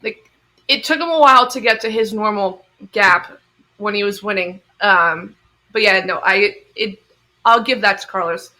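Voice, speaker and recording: A bright-voiced woman co-hosts a podcast, chatting casually at a moderate pace in a mid-range voice. She tells animated stories and laughs frequently.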